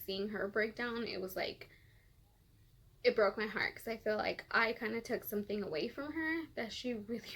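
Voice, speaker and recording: A woman tells a personal story to camera, rambling and full of fillers as she fights back tears. Her voice has a gravelly, fry-tinged edge. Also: medium pitch, a bit bright. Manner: rambling, filler-heavy, emotional. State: tearful, close to crying. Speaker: vlogger.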